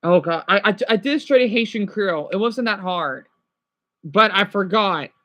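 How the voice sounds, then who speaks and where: A man's voice: sits high, animated, normal speed, sharp tone, dry recording. A man streaming live and chatting casually with viewers, rambling, correcting himself and slipping in French phrases. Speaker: livestreamer answering viewers.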